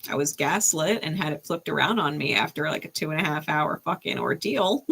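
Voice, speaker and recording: A woman's voice: sits low, expressive, brisk, gravelly, a bit bright, husky. A woman giving a live-stream tarot reading in a casual, chatty way, often asking "right?" and laughing often. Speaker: tarot reader.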